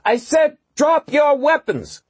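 A man reading an audiobook, voicing a tough, cool-headed woman police officer who speaks in a firm, measured, commanding way. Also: on the low side, animated, a little mellow, slightly rough, no room sound, pitched above the performer's own voice. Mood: barking. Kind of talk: audiobook narration.

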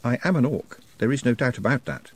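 A man with a husky voice voicing a young male orc who speaks in a calm, precise, overly polite and formal way. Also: mid-range voice, no room sound, pitched above the performer's own voice. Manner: precise, formal, quietly measured.

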